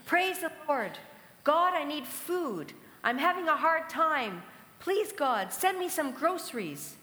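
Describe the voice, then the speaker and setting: A woman voicing a bold, faithful elderly lady who shouts her praise loudly, in an echoey hall. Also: sits high, sing-song, slow, voice pushed up, full character voice. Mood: pleading. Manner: loud, exultant shouting. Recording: echoey hall with long reverb.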